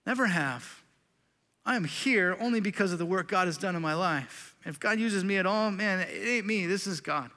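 Earnest high-voiced pastor in a reverberant sanctuary. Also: male voice, expressive, normal speed. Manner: earnest, confessional, swings between loud emphasis and quiet intensity. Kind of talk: sermon. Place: church sanctuary.

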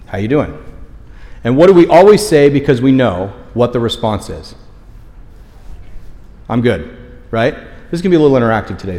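In a church auditorium with long hall reverb, a pastor preaches a candid, conversational sermon. His mid-range voice has a darkish tone, and he keeps checking in with the congregation with a frequent "okay?"

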